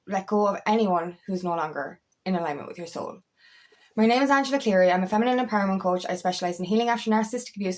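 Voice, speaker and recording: A woman working as an empowerment coach, talking casually and frankly to camera, swearing freely and repeating phrases. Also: mid-range voice. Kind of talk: casual spiritual vlog talk.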